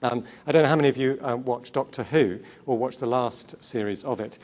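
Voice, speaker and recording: A man's voice: mid-range voice, a little mellow. A man giving a sermon-style talk to a Christian gathering, earnest, asking rhetorical questions and repeating key words. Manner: quick asides and self-corrections. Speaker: conference speaker.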